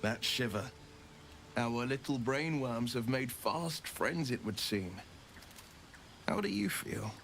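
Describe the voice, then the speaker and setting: A man's voice: mid-range voice, takes it slowly, pauses often, fairly bright tone. An actor playing an arch, sardonic male adventurer companion with polished, theatrical diction in a video game. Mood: wry. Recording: game audio with faint background noise.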